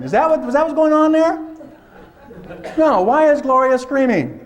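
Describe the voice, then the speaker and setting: Animated, high-voiced man lecturing teachers. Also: normal speed. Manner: lively, acts out teachers in put-on voices. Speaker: workshop presenter. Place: lecture hall.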